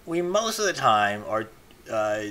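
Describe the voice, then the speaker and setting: A man's voice: on the low side, big pitch swings, a little slow, bright, forceful tone. A man talking to camera in a casual monologue, rambling with many fillers and restarts. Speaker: video blogger.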